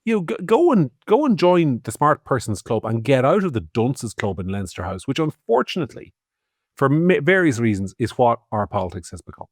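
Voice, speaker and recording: A man's voice: mid-range voice, sing-song, brisk, no echo, studio quality. An Irish man co-hosting a podcast, giving opinionated political commentary in a sardonic, swearing tone. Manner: sardonic, swearing, swings loud and soft. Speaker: podcast co-host.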